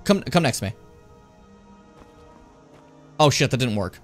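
Animated joking male game streamer. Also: medium pitch, measured pace, soft background music. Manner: animated, joking, talks to chat. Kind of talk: casual gameplay commentary.

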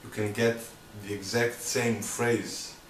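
A man teaching drum sticking patterns, counting beats aloud in loose, halting phrasing. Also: lowish voice, flat delivery, a little hiss or hum. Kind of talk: instructional demonstration. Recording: echoey room, mic at a distance, loud clatter.

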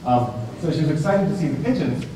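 Male professor, higher voice, lively and questioning; distant, echoey hall recording. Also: fast talker, a little hiss or hum. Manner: lively, animated, with many restarts and questions to the class. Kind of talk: discussion-led class talk.

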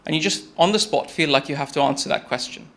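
High-voiced young man giving a talk. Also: quick pace, fairly bright tone. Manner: conversational storytelling, addressing the audience as "you". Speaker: speaker. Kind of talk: TED-style talk.

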